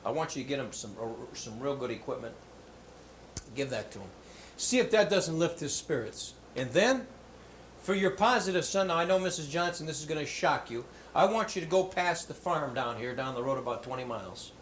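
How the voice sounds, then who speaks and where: A man voicing a calm middle-aged male doctor who gives advice in a low, matter-of-fact way, within a joke told in a school hall. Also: moderate pace, lightly acted. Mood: advising. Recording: roomy hall with faint background noise.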